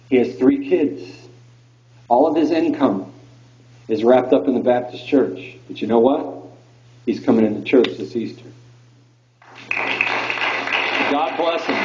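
A man giving a live talk to an audience about the faith, telling stories in an animated way and calling the crowd "folks.". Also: mid-range voice. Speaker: Catholic speaker. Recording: echoey hall, dull lo-fi sound.

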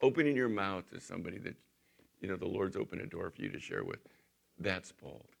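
Gravelly low-voiced male pastor preaching. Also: sing-song, a little fast. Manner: reads scripture aloud with rising emphasis, then chats plainly. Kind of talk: sermon.

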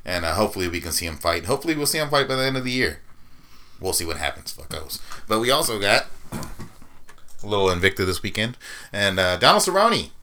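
A man's voice: lowish voice, sing-song, a little fast, pauses often, bright, forceful tone. A man co-hosting a podcast, telling loose stories with laughs and swearing in casual chat. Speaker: podcast co-host. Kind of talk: casual chat about fighting sports.

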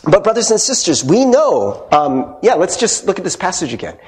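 A man's voice: sits high, normal speed. A male pastor preaching a casual, conversational sermon, often checking in with the congregation and acting out quoted voices. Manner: animated, conversational, frequent "right?" asides.

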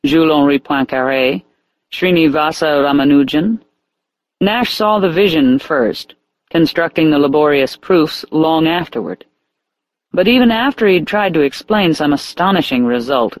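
A man reading an audiobook as narrator in a measured, even way. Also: a little high, dry recording, poor audio. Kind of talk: scripted narration.

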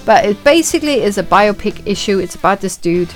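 Woman, podcast host, casual film recap, profane, lively, acts out reactions, faint music behind. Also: mid-range voice, a little fast. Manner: swearing, lively retelling with acted-out reactions. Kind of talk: casual film review chat.

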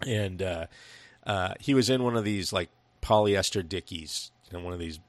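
A man's voice: deep voice, moderate pace. A man from Washington state co-hosting a podcast, telling rambling, profane stories in casual chat about a film. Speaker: podcast co-host.

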